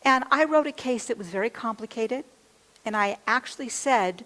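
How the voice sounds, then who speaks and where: Long hall reverb surrounds a woman minister whose fairly high, fairly bright voice moves with lively intonation at a moderate pace. In her sermon she confesses a personal story openly, quoting the things she said to herself.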